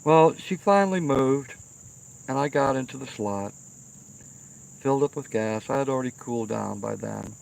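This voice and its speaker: Mid-range and a little mellow, the man's voice carries vocal fry and long pauses at a moderate pace. A middle-aged livestreamer, he tells a meandering, profane story by a fire pit outside at night, often stopping to ask "okay?"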